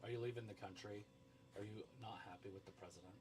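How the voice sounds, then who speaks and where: A man's voice: lowish voice, fairly even intonation, quick pace. A man co-hosting a casual livestream chat, making dry, teasing remarks. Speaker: co-host. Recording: slightly distant mic with faint noise.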